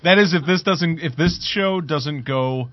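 A man's voice: a little high, measured pace, muffled recording, heavy background noise. A man co-hosting a casual podcast, joking and self-deprecating. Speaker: co-host. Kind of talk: casual chat.

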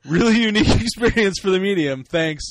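A man doing a wacky high-pitched mail puppet voice. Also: lively intonation, a little fast, no echo. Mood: goofy. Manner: wacky high put-on voice, breaking into laughs. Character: goofy male mail puppet reading listener email.

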